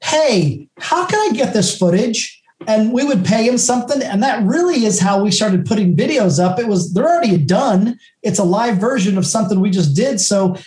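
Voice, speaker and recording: A man's voice: sits high, lively intonation, moderate pace, few pauses, a little mellow. Earnest man talking in an echoey room. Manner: earnest and encouraging, with many restarts. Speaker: speaker and video maker. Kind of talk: casual panel chat. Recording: roomy echo.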